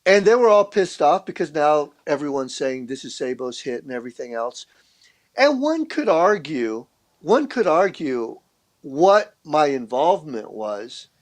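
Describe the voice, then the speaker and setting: A man's voice: a little high, big pitch swings, unhurried. A man guesting on a podcast, telling a story in casual, profane talk, full of restarts and acted-out quotes of other people. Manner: profane, rambling, with repeated restarts. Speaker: podcast guest, street artist.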